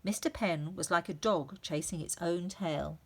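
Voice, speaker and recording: Woman teacher reading a children's book, slow and low-pitched, expressive. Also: slightly rough. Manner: expressive, sounding out effects. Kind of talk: storybook reading aloud.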